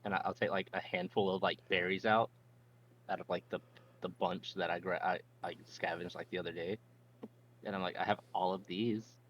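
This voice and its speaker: A man's voice: low voice, level tone, brisk, a bit bright, highs cut off, slight background noise. A man playing in a tabletop game, eager and rambling with filler words. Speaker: player. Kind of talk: tabletop role-play.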